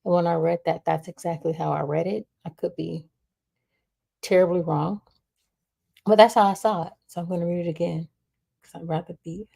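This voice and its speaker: A woman's voice: lowish voice, fairly even intonation, normal speed, creaky, long pauses, warm tone, slightly rough. A young woman hosting a livestream, chatting casually with viewers and reading their comments aloud. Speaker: livestream host.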